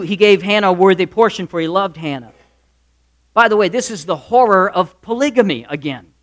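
A man preaching a sermon, acting out characters in quick asides and swinging from loud to soft. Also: high-pitched. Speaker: pastor.

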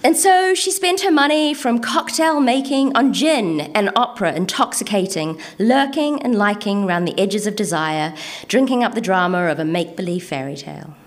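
A woman's voice: medium pitch, lively intonation. Antipodean woman performing spoken word poetry. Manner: rhythmic, measured delivery with deliberate pauses; casual and hesitant between pieces, with ums. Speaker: poet reading her own work.

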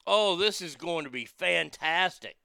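A man's voice: a little high, lively intonation, measured pace, gravelly, pushed and bright, clean tone, no echo. A man hosting a casual talk show who reads news items aloud and riffs on them, brash and profane, laughing at his own jokes. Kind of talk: casual political commentary.

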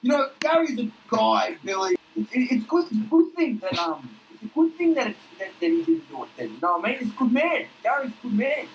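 A man putting on a crude, swaggering, foul-mouthed loudmouth. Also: very high voice, sing-song, fast, gravelly, hardly any pauses, slight background noise, voice pushed up, heavily acted, poor audio. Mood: jeering. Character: crude brash loudmouth man called Duck.

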